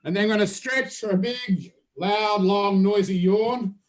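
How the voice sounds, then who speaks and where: A man leading a drama workshop, talking participants through a physical and vocal warm-up with steady, repetitive cues and playful asides. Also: high-pitched, measured pace, very noisy. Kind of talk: guided warm-up instructions.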